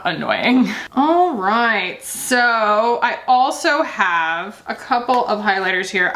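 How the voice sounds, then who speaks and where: A woman's voice: on the high side, fairly bright tone. A woman vlogger talking casually through a makeup tutorial, chatty and loose, often laughing. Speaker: beauty vlogger.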